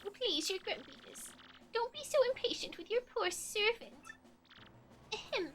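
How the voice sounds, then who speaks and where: A woman's voice: very high voice, animated, normal speed, a bit bright, pitched above the performer's own voice. A woman voicing a fawning old female witch advisor while reading game dialogue aloud. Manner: fawning, wheedling old crone voice.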